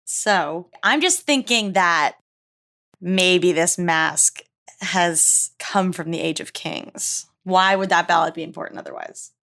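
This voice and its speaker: A woman playing in a tabletop game, expressive and full of questions, narrating her character's actions. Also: fairly low pitch, slow, vocal fry. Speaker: player. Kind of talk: tabletop role-play.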